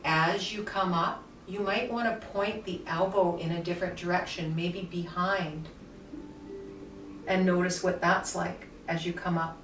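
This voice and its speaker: A woman yoga teacher guiding a somatic movement class with soft, soothing cues. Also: fairly low pitch, fairly even intonation, measured pace. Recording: echoey room, mic far off, faint music.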